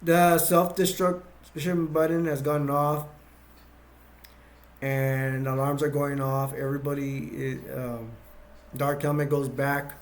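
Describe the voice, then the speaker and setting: A man's voice: mid-range voice, level tone, takes it slowly. A man casually retelling movie scenes scene by scene, rambling and restarting as he goes. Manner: rambling, full of fillers and restarts. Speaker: movie reviewer.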